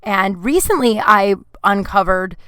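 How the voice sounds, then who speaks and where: Woman podcaster talking it out, teary, lots of "like", bright crisp voice, super dry closet sound. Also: mid-range voice, expressive, measured pace, dry recording. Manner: emotional, tearful, many "like" fillers. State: crying at times. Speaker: podcast host. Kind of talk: personal confessional monologue. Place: closet at home.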